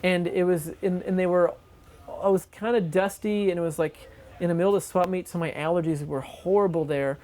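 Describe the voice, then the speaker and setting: Speaking at a brisk clip with a medium-pitched voice, this documentary interviewee tells a long, rambling story, excitable and stuffed with filler words.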